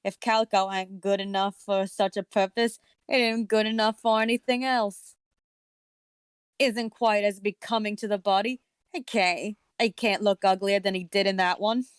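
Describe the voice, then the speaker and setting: A woman's voice: mid-range voice, steady tone, normal speed, clear, resonant tone, no room sound, natural voice. Woman putting on a brazen Cockney charwoman. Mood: scornful. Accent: put-on Cockney drifting toward Australian. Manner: gleeful, cool and brazen. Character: coarse older Cockney charwoman selling a dead man's things.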